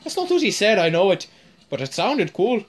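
A woman's voice: medium pitch, sing-song, normal speed, slightly rough. A woman giving casual, sweary commentary while playing a zombie game. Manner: casual, swears often, drawls. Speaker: gamer. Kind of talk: gaming commentary.

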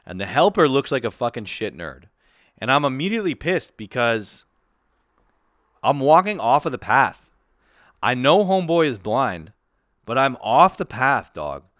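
Man, podcast host, profane animated ranter, lively pitch. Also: a little slow, long pauses, no room sound, clean studio sound. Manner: animated ranting, swears a lot, laughs often. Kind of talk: casual profane comedy chat.

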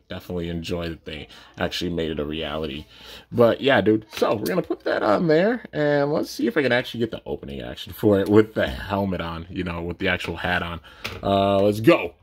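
A young man casually unboxing and reviewing toys, enthusiastic and rambling, full of slang. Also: sits low. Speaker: toy reviewer.

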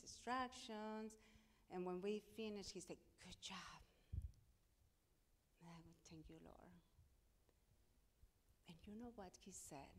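A middle-aged woman pastor with a Spanish accent, telling her testimony in a sermon and acting out the dialogue with emphasis. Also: mid-range voice. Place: church sanctuary. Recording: long hall reverb.

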